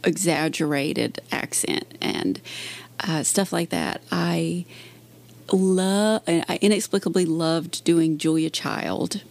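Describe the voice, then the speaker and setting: A woman's voice: fairly low pitch, slow, gravelly, darkish tone. A woman comedian telling stories in a casual interview, chatty and laughing often. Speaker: comedian guest.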